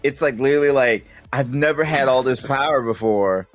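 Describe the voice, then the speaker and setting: A man co-hosting a casual tech chat, telling stories with lots of laughter. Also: fairly quick. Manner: animated storytelling, acts out his own reactions in high squeaky voices; laughs a lot. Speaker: podcast co-host.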